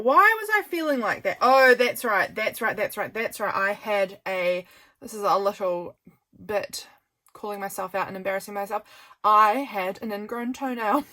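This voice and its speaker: A woman's voice: medium pitch, a bit bright. A woman vlogging casual chat as she flips through her journal, rambling with lots of fillers and sounding tired. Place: home desk by a sunny window.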